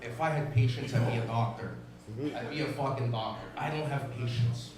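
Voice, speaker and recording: A man's voice: medium pitch, steady tone, a little fast, crowd noise. A man doing a crude stand-up comedy set, brash and profane, a little stoned. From Italian family. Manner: profane, brash, playful menace, does voices of people. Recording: echoey room with loud music.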